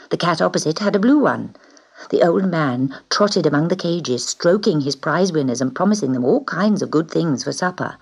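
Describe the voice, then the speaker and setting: A woman reading a children's storybook aloud in an expressive way, dipping into whispers on key words. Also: deep voice, slightly rough.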